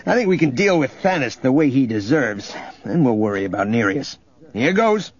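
A man's voice: medium pitch, very animated, normal speed, breathy edge, highs cut off. A man voicing a cocky male pilot in an audiobook, dry and teasing. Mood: wry.

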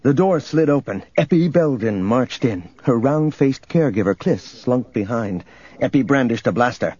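Husky male audiobook narrator. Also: mid-range voice, animated, normal speed, warm tone, lo-fi sound. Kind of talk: scripted narration.

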